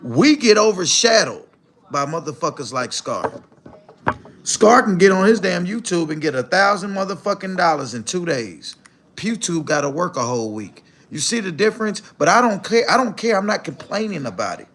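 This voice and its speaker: A man's voice: high-pitched, lively intonation, moderate pace, fairly bright tone. An older man from Mississippi, hosting a live stream and mocking another creator in blunt, profane commentary. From Mississippi, USA. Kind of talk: live commentary reacting to clips.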